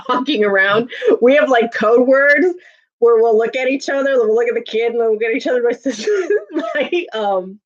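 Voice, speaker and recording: A woman's voice: fairly high pitch, normal speed, lo-fi sound. A woman in her thirties chatting casually on a live stream, laughing often and answering viewer comments.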